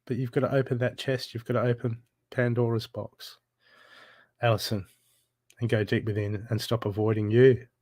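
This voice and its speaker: A man's voice: medium pitch, level tone, moderate pace, a little mellow, dry recording, studio quality. A man giving a live intuitive reading, blunt and urgent, swearing freely as he presses the listener to heal. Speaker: spiritual reader.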